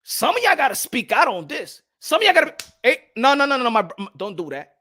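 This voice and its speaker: Young guy ranting on his boxing show, bright sharp voice, keeps repeating himself, goes loud then mutters low. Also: sing-song, fast. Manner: loud, repetitive, swings between shouting and low muttering. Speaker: boxing commentary host. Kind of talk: animated opinion rant.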